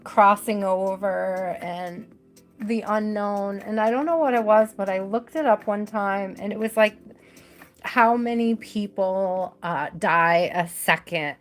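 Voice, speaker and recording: A woman giving a live tarot reading, gentle and emotional, repeating her words softly. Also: mid-range voice, takes it slowly, soft background music. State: tearful at times. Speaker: tarot reader.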